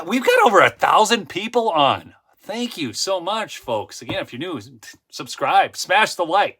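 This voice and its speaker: Male livestream host, emphatic ranter with a bright, slightly high voice; casual commentary full of asides. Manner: ranting, emphatic, repeats for effect; frequent "okay?" asides and self-interruptions.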